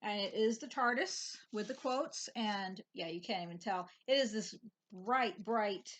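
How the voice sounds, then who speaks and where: A woman's voice: medium pitch, unhurried. A woman with children, co-hosting a casual stitching chat, talking dryly and matter-of-factly with fillers. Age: adult parent. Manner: dry, matter-of-fact, with restarts and fillers. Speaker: co-host of a stitching show.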